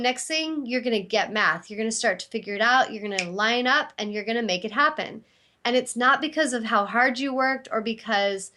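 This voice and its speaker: A woman's voice: on the high side, bright, forceful tone. A middle-aged woman, host and intuitive healer, giving an earnest, encouraging self-help talk and acting out inner dialogue.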